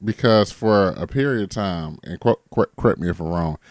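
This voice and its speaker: A man's voice: low voice, normal speed, no room sound, clean studio sound. A young man, co-hosting a casual podcast chat, laid-back and explaining things with plenty of fillers. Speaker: podcast co-host.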